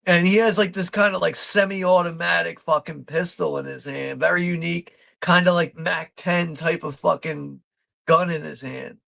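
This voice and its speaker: A man's voice: on the high side, fairly even intonation, normal speed, gravelly, bright, forceful tone. A man hosting a live watch party, commenting casually over a film, laid-back, swearing freely and laughing often.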